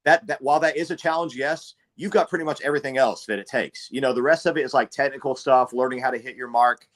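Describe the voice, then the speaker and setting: A man's voice: mid-range voice, steady tone, fast, fairly bright tone. A man hosting a casual chat, talking in an upbeat, encouraging way. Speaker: host, actor.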